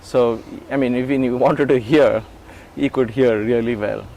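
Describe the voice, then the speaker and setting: A man's voice: mid-range voice, measured pace, vocal fry, a little hiss or hum, rough recording. A middle-aged man in an interview, recalling his years as an assistant and acting out the dialogue as he tells it. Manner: animated, acts out quoted dialogue. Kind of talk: conversational storytelling interview.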